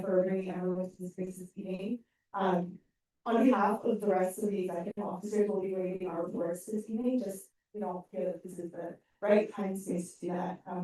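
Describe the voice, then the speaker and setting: A woman's voice: on the low side, dark tone. A young woman serving as student government president, speaking firmly and emphatically to a meeting. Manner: firm and emphatic, urging listeners. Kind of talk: formal meeting remarks. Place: large meeting hall. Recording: echoey room from far off.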